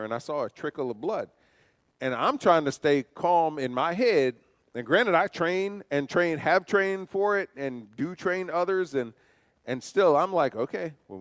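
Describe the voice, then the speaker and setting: This church safety training talk features a man's mid-range voice with studio quality, though the large hall adds a long reverb. He keeps it conversational, tossing out rhetorical questions and personal anecdotes.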